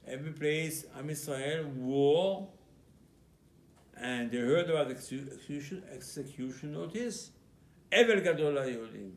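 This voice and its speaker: A man's voice: a little high, a little mellow. A man giving a sermon as a rabbi, telling the story emphatically and acting out exchanges between biblical figures. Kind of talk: Purim sermon. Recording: echoey room.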